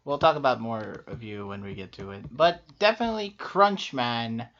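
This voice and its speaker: A man co-hosting a casual chat, talking quickly with lots of fillers and laughs. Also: medium pitch, animated, fairly bright tone. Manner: quick, upbeat, laughs often, many fillers. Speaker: co-host ranking players. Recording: muffled lo-fi audio.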